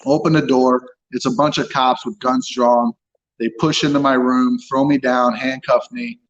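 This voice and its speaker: A man's voice: mid-range voice, level tone, normal speed, muffled recording. A man telling his own story as an interview guest, blunt and frank, swearing freely as he talks. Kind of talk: candid personal account.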